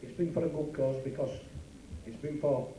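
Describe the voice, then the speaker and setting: Brash Yorkshire club comic. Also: male voice, fairly high pitch, fairly even intonation, normal speed, mellow, slight background noise. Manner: brash, teasing banter. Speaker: club comedian and compère. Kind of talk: live club comedy double act. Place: working men's club stage. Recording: echoey club recording from far off. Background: live audience.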